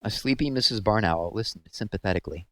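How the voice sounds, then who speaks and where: A man reads a children's book aloud with expressive storytelling. His voice is low yet lively and swings in pitch, recorded close to the mic in a dry room. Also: quick pace, no room sound. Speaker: read-aloud host.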